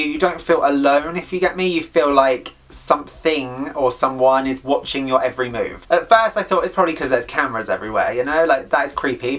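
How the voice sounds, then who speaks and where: A man's voice: fairly high pitch, a bit bright. A man vlogging a casual storytime, chatty and dramatic with playful asides.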